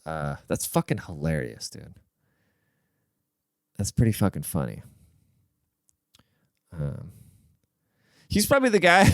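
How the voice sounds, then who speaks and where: A man's voice: lowish voice, clear, resonant tone, dry recording, clean studio sound. A man hosting his own podcast, rambling through a crude, profane solo rant with jokey asides. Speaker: podcast host.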